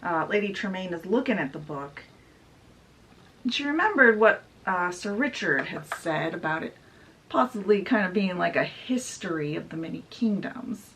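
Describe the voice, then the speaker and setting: A woman's voice: fairly low pitch, expressive, normal speed, fairly bright tone, far from the mic, a little hiss or hum, low-quality recording. A woman book vlogger casually retelling a novel's plot, acting out quoted lines and laughing easily. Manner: chatty, acts out quoted lines with "she's like". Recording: voice a bit off-mic.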